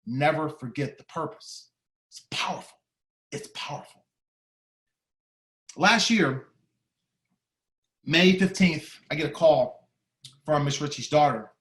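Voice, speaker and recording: A man giving an emotional storytelling speech, heartfelt and dramatic, shifting between loud and hushed. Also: fairly high pitch, expressive, takes it slowly, long pauses, echoey room. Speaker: speaker at a staff training day.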